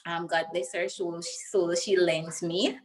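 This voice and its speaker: A woman's voice: on the low side, flat delivery, takes it slowly, rough recording. A young woman with a Jamaican accent, a guest in an interview, earnestly telling her personal story and getting emotional as she goes.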